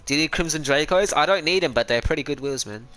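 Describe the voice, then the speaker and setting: Talking fast in a fairly high, slightly bright voice, an Australian gaming streamer rambles casually to his viewers between trades. It's a live-stream chat picked up on his personal streaming mic.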